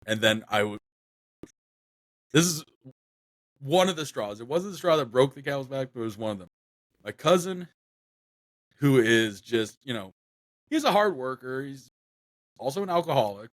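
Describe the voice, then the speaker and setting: A man's voice: lowish voice, fairly bright tone, dry recording. Rambling young man on a dry mic. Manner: rambling, many fillers and restarts. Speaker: podcast co-host. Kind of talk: casual podcast chat.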